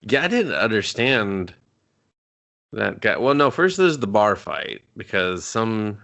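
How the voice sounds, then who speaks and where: A man's voice: lowish voice, big pitch swings, creaky, fairly bright tone. A man co-hosting a movie review show, trading sarcastic, profane jokes in casual talk. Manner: sarcastic, swears often, quick jokes. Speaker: movie review podcast co-host.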